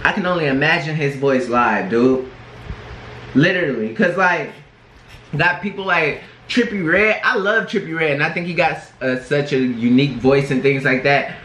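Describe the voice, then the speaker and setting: Slightly high and a bit bright, this twenty-something man's voice moves at a moderate pace over a little hiss or hum. Hosting a casual reaction video, he keeps things slangy and relaxed, tossing in "bro" and "bruh." There's a roomy echo, with faint music from the clip he's watching.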